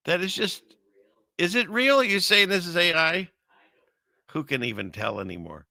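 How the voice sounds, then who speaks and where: A man hosting casual commentary on video clips, rambling and chuckling through his asides, with a gravelly voice. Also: high-pitched, animated, moderate pace, long pauses, pushed and bright, no echo, studio quality. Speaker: host.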